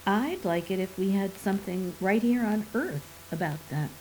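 A woman reads a scheming man who weighs each idea with earnest, thoughtful care. His voice is mellow and sits at an ordinary pitch. This is storybook narration with a soft faint hiss behind it. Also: animated, moderate pace, lightly acted, poor audio. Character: scheming man working out a hoax.

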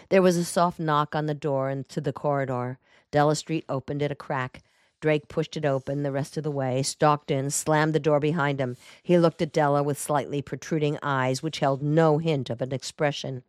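Low-voiced woman narrating a mystery. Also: fairly even intonation, normal speed, dry recording, studio quality. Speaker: audiobook narrator. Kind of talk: scripted narration.

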